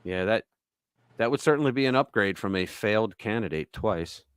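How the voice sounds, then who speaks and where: A man hosting a casual political chat show, talking bluntly and crudely with lively storytelling. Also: fairly low pitch, normal speed, clear, resonant tone, no echo, clean studio sound. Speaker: show host.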